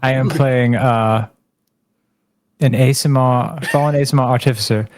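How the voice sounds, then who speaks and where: A man's voice: medium pitch, steady tone, moderate pace, no echo, clean studio sound. A man playing in a tabletop game, explaining his character with hesitant restarts. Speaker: player. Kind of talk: casual chat.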